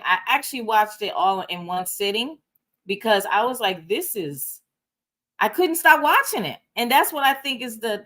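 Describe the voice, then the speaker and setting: Female panelist, bright clear tone, earnest, lots of ums. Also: medium pitch. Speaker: panel reviewer. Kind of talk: casual panel review chat.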